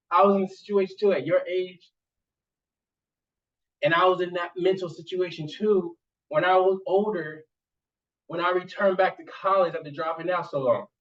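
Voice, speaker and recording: A man telling a casual, rambling story in street slang, often repeating his catchphrases and growing emphatic at times. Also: high-pitched. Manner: rambling, repeats "you see what I'm saying". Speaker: vlogger and college student. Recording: distant, muffled lo-fi sound.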